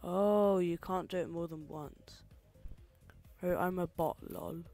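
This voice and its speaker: A woman's voice: lowish voice, slow pace, warm tone, faint music behind. A young woman streaming a game, reacting with exasperation and chatting with her viewers. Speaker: streamer playing level requests. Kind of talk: casual live-stream commentary.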